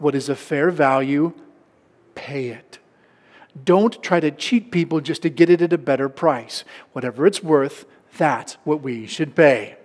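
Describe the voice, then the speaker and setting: High-voiced preacher guy, sermon in a big echoing church hall, acts out haggling at the market. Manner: mixes English with local Filipino phrases, acts out market haggling. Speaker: pastor.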